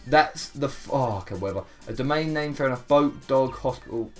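A young man doing casual gameplay commentary, swearing often and quick to get exasperated and mock himself. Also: mid-range voice, faint music behind. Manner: swears a lot, quick to exasperation, self-mocking. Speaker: gaming YouTuber.

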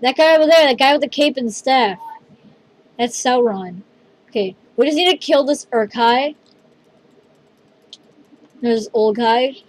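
A woman hosting a casual gameplay video, excitable and rambling, calling her teammate "dude" again and again. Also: fairly high pitch, measured pace, pauses often, low-quality recording.

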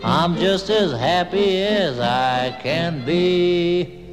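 A man's voice: high voice, drawn-out words, over music. Man doing a folksy country boy. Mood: laughing song. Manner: folksy, plain-spoken. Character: grumpy country boy turned laughing.

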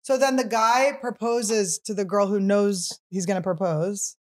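A woman in her thirties hosting a podcast, telling a story in casual chat, animated and full of "like" fillers. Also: mid-range voice, measured pace. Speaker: podcast host.

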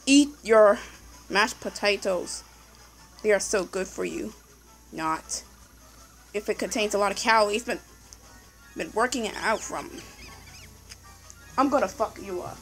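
A young woman commentating her puzzle game casually, excitable, yelling at the game and repeating "no" over and over. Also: medium pitch, a little slow, long pauses, faint music behind, low-quality recording. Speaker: gameplay commentator.

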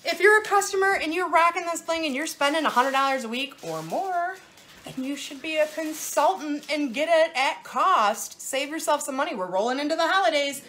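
A woman's voice: high-pitched, expressive, moderate pace, a bit bright. A woman hosting a casual live jewelry sales show, bubbly and playful, gushing over each piece.

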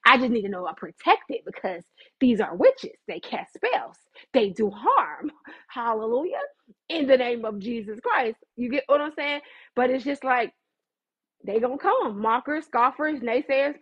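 A high-voiced woman preaching on a livestream, fervent and conversational with a dramatic flair. Her voice is husky and breathy, and the audio is dull and lo-fi. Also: lively intonation, normal speed.

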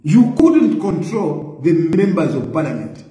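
A man with a Zambian accent giving animated political reaction commentary, firing rhetorical questions. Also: on the high side, measured pace, echoey room, long reverb tail, low-quality recording. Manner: animated, repeats rhetorical questions, laughs mockingly.

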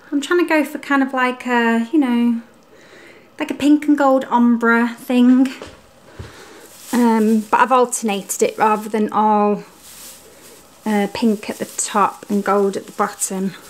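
A woman's voice: a little high, a little slow. A young woman chatting casually to camera in an upbeat vlog about her home and Christmas tree, with lots of ums. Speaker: lifestyle vlogger. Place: home living room. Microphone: camera mic. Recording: roomy home room.

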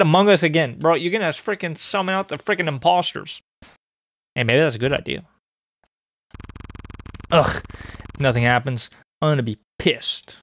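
A young man streaming a horror game, joking and excitable, bursting into high squeaky outbursts. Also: normal speed, creaky, long pauses, slight background noise. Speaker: gaming streamer.

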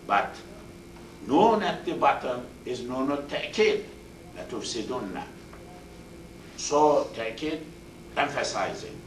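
A man's voice: mid-range voice, fairly bright tone. A man with teaching a Quran class, explaining Arabic words one at a time and rattling off verb forms. He sounds far from the microphone in an echoey room. A faint hiss runs under his voice. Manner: explains word by word, repeats terms, recites Arabic verb forms quickly. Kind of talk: classroom tafsir lecture. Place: mosque classroom. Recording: roomy echo, distant mic, faint hiss.

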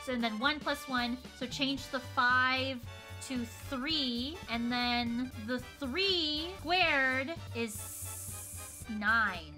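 Excitable high-voiced woman streaming a game. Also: extremely slow. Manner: excitable, thinking aloud, counting under her breath. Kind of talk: live game stream chat. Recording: background music under voice.

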